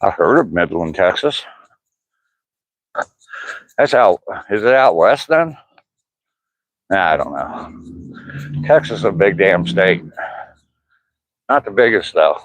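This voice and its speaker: A man's voice: deep voice, sing-song, measured pace, pauses often, no room sound, low-quality recording. An older man from Ohio with a Southwest Ohio accent that has an Appalachian tinge, chatting easily while he walks and reads out comments from a live chat. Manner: easygoing, chatty, thinks aloud. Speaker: vlogger reading live chat. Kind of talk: casual live-stream chat while walking.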